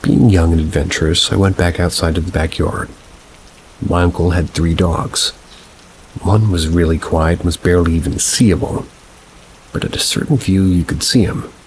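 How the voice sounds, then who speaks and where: A man narrating submitted scary stories in a slow, measured reading style. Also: low-pitched, fairly even intonation, slight background noise, poor audio.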